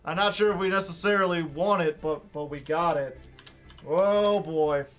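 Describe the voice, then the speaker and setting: High-voiced man mumbling wry asides. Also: normal speed, fairly bright tone. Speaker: streamer. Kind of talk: casual live-stream chat.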